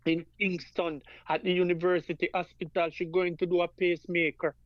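A man's voice: high voice, little pitch movement, a little fast, dry recording, lo-fi sound. A Jamaican man, a guest performer, tells an earnest story in an interview, repeating phrases and calling his listener "man of God.".

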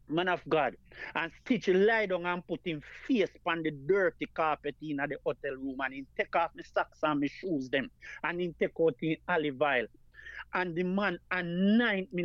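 A Jamaican man with a high voice speaks as an interview guest. He tells his story earnestly, repeating himself and addressing the listener as "man of God." The sound is dry and a little dull. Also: no echo. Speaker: guest performer.

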